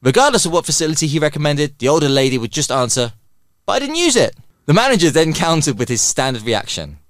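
A man as guest on a comedy podcast, reacting loudly and reading a joke aloud. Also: a little high, lively intonation, fast, no room sound, clean studio sound. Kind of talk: casual chat and joke reading.

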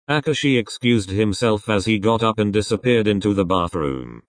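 A man reading a fan story aloud in a lively storytelling manner. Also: fairly low pitch, normal speed, dry recording, low-quality recording. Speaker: fanfiction reader.

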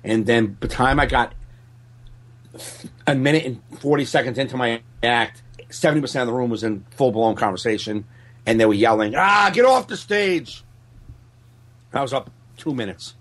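A man's voice: mid-range voice, brisk. Profane storytelling comedian man. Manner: profane, animated, acts out other people's voices. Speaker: stand-up comedian. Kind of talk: casual podcast storytelling.

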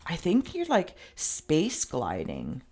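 A woman talks the viewer through a tarot reading in a rambling, meandering way, with plenty of "like." Her voice has a gravelly, creaky edge. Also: deep voice, huge pitch swings, takes it slowly, mellow. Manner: speaks directly to the viewer. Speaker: tarot reader.

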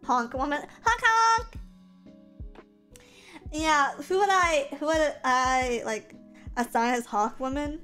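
High-voiced, animated woman streamer. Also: unhurried, soft background music. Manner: animated, profane, self-mocking. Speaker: livestreamer. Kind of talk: casual chat reading viewer comments.

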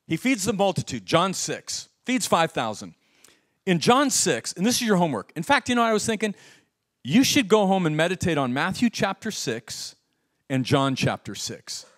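Animated man preaching a sermon. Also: a little high. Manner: animated, humorous preaching with asides and laughs. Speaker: pastor. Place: church sanctuary.

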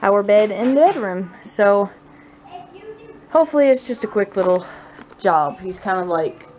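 A woman's voice: mid-range voice, measured pace, slight background noise. A woman in her thirties with a Southern US accent, chatting casually at home in a vlog and often laughing. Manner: laughing storyteller, animated impressions. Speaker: vlogger, mother. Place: home, indoors.

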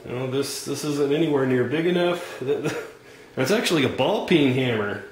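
A man's voice: medium pitch, moderate pace, echoey room, a little hiss or hum, lightly acted, poor audio. A man playing a polite, frustrated customer. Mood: puzzled. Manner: calm, hesitant, over-polite, lots of fillers.

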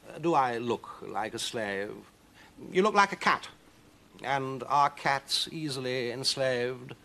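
A man voicing a huge, spiteful demon cat who speaks slowly and softly with silky menace. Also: mid-range voice, pitched above the performer's own voice. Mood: silky menacing. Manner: slow, soft and silky.

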